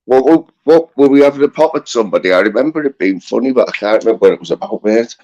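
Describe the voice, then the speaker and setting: A man's voice: medium pitch, lively intonation, quick pace, a crowd in the background. A man with a Scouse accent, chatting in a laid-back, rambling way. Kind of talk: casual chat. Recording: dull lo-fi audio.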